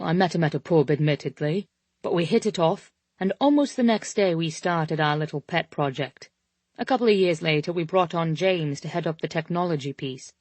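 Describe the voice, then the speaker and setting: A woman's voice: deep voice, darkish tone, no room sound. Woman voicing a teasing British young man.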